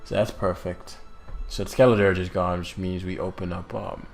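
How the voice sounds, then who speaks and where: A man commentating his own competitive game in a casual, put-on British-sounding accent, swearing now and then with sudden loud outbursts. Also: low-pitched, level tone, moderate pace, vocal fry, faint music behind.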